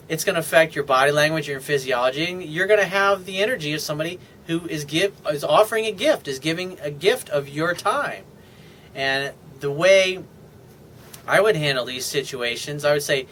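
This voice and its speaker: A man with a bright, forceful and fairly high voice, coaching viewers in a video newsletter. He talks with confident emphasis and slips into acted-out lines of dialogue. A faint hum of noise sits under the recording. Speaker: dating coach.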